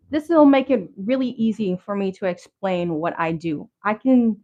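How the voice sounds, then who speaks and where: A woman's voice: medium pitch, animated, moderate pace, warm tone. Chatty woman on a lo-fi livestream. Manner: chatty and rambling, many fillers and restarts; casual slang, talks straight to viewers. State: a little out of breath. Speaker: livestream host showing handmade crafts. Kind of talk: casual livestream chat. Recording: slightly dull lo-fi stream audio.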